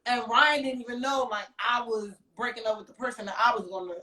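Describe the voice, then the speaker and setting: A woman with a fairly high voice, a podcast guest, tells a story casually and fast, animatedly acting out quoted dialogue. She's off-mic and distant in an echoey room.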